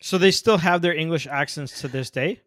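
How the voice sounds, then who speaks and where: A man's voice: a little high, normal speed, fairly bright tone, studio quality. A man interviewing a guest, repeating key points back and asking follow-up questions. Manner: engaged, echoes and follows up on answers. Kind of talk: conversational interview.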